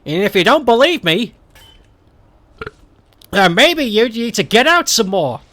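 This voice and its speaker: High-pitched and bright, with big pitch swings and a pushed, unhurried delivery, this young Stoke-on-Trent man talks on his gaming stream. He curses a lot, laughs frequently, and rambles with open candor.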